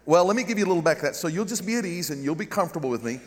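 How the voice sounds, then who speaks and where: A middle-aged Southern American man with a high voice races through a funny sermon as a guest pastor, his words trailing off in long reverb. In a large church with a balcony, he preaches animatedly, joking and calling for amens.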